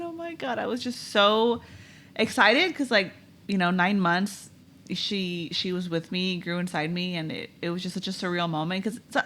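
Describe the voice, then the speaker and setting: A young woman co-hosting a podcast, speaking in a soft, reflective way. Her voice sits in a middle pitch. She talks in easy, casual conversation and laughs often. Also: slight background noise. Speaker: podcast co-host, new mother. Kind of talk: casual storytelling chat. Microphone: podcast microphone.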